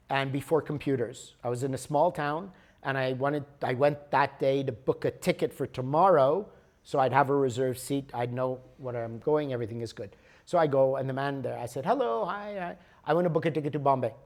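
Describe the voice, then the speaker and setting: A man with a slightly high voice leads a workshop in an animated storytelling manner. He often pauses to check in with the audience. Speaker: workshop leader.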